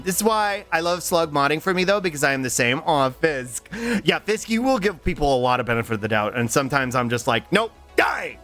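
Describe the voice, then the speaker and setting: A man streaming and chatting casually with his chat, halting and giggly, with lots of repeated words and restarts. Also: on the high side, a bit bright. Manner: affectionate and giggly. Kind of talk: casual livestream chat reading chat.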